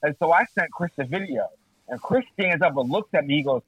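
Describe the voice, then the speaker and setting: A man's voice: a little high, brisk, breathy edge, dry recording, low-quality recording. A man in casual podcast chat, animatedly telling a profane story and acting out other people's lines. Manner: animated, profane, acts out quoted voices.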